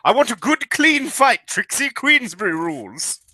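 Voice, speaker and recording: A pompous, blustering British brute in a mech suit, as a man puts him on, talking in a high, lively voice with a bright, forceful edge. The put-on British accent sounds plummy and old-fashioned. It is recorded dry and close. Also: normal speed, no room sound, heavily acted, low-quality recording.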